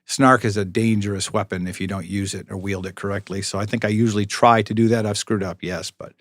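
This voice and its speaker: Low-voiced man telling a rambling story. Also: fairly even intonation, a little fast, no echo. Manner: rambling, self-interrupting anecdotes with dry humor. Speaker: police public information officer, guest. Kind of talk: storytelling interview.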